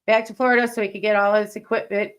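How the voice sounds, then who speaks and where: A woman talking casually on a live stream, her pitch sitting in a middle range. She speaks in a plain, earnest way, addressing the viewers directly. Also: level tone, quick pace. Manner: chatty, earnest appeal.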